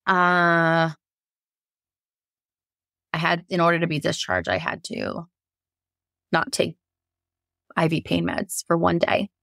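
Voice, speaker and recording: Speaking slowly with long pauses, a woman tells her difficult birth story as a guest, emotional but laughing through the toughest parts. Her low, creaky voice is a bit bright, and the studio-quality recording has no echo.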